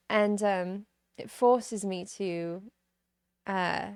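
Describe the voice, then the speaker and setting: A woman's voice: medium pitch, slow pace, creaky, pauses often, no room sound, studio quality. A young woman streaming live, chatting with her viewers between giggles and reading a novel aloud. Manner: giggly, chatty, reacting to chat messages. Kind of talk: casual live-stream chat with book reading.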